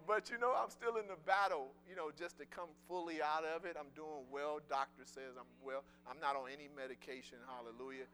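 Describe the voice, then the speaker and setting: A man giving a sermon with personal testimony, conversational and emphatic, repeating words and swinging from loud declarations to soft murmurs. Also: on the high side, a little fast, hardly any pauses, smooth.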